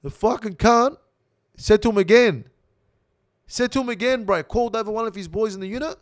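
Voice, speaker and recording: Young Australian man, raised-pitch, brash storyteller, cursing and animated. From Sydney, Australia. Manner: profane, animated, swaggering. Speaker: podcast guest. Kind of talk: casual storytelling.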